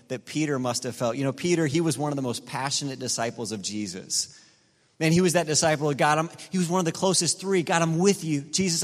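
A middle-aged man preaches from the pulpit, swelling into fervent peaks and easing back down. His voice rings through a large church hall with a long reverb tail. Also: medium pitch. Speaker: pastor. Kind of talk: sermon.

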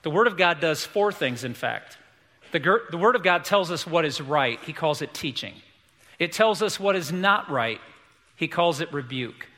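A man's voice: fairly high pitch, animated, moderate pace, pushed and bright. A man preaching a sermon as pastor in a church, earnest and emphatic, repeating his key points. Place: church sanctuary. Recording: long hall reverb.

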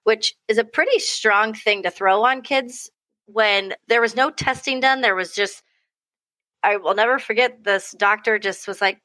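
Woman, young adult, podcast guest, mother, animated storyteller, bright tone, dry close sound. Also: medium pitch, normal speed, dry recording, low-quality recording. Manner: animated storytelling, acting out quoted voices, frequent laughs. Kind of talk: casual interview chat.

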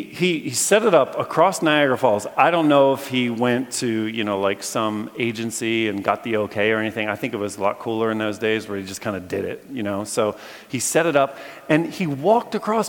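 A man preaching a storytelling sermon to a live audience, talking in a casual way full of restarts and turning animated when the story gets exciting. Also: mid-range voice. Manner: animated, bursts of excitement when telling stories; conversational, with many fillers and restarts. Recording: long reverb from a large hall.

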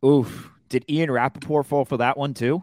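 A man who hosts sports radio, talking easily on a podcast and laughing his way through stories. His voice sits at an ordinary middle pitch, recorded close and dry with no room sound. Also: steady tone, normal speed, darkish tone, no room sound. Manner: laughing, chatty storyteller. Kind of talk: casual sports chat.

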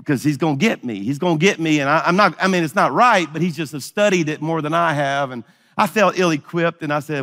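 A man's voice: a little high, fast, a bit bright, in a large hall. A middle-aged man preaching a sermon, telling a story and acting out the dialogue. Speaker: pastor.

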